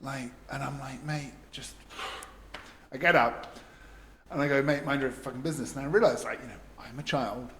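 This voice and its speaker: A man's voice: mid-range voice, moderate pace, pauses often, a little hiss or hum. A man co-hosting a casual podcast chat, telling a story with lots of laughs and acted-out quotes. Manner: animated storyteller, laughs often, acts out quotes. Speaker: podcast co-host.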